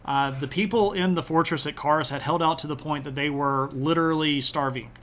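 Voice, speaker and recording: Chatty man explaining history, slightly high. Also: a little fast. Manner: relaxed, chatty, frequent "uh" and "um" fillers. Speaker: history streamer. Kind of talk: casual history lecture. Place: home streaming setup.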